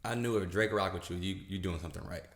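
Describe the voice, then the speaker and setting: A man's voice: low-pitched, fast. A man in casual podcast chat, slangy and laid-back, repeating his phrases. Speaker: guest. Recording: echoey room.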